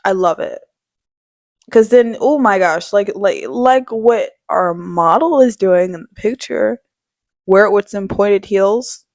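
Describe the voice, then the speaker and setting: A woman's voice: mid-range voice, slow, a little mellow, dry recording. A young woman vlogger gushing dramatically over office outfits and shoes in casual, slangy chat. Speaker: fashion vlogger. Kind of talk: casual product showcase.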